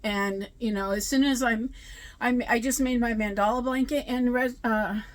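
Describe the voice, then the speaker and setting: A fairly high-voiced woman chatting casually about her crochet hobby. She rambles and corrects herself, and sounds tired. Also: fairly even intonation, moderate pace. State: tired, yawning. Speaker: crochet vlogger. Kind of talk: casual chat.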